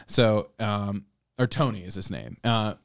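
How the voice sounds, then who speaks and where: A man's voice: fairly low pitch, unhurried, creaky, no echo. Laughing man with a dry sound. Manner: laughs often, swears freely, rambling. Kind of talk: casual chat.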